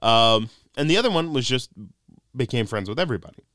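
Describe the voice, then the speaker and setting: With a medium-pitched, slightly bright voice, lively intonation, and a brisk pace, this young North Carolina mountain native hosts a podcast with no room sound. He chats casually into a studio mic, joking around and telling stories with quoted voices.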